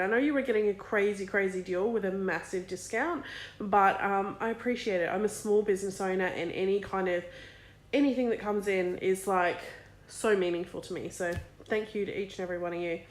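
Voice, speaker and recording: A woman's voice: mid-range voice, fairly quick, roomy sound. A woman in her thirties, a small business owner, chatting candidly and emotionally in a casual vlog, swearing freely. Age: 30s.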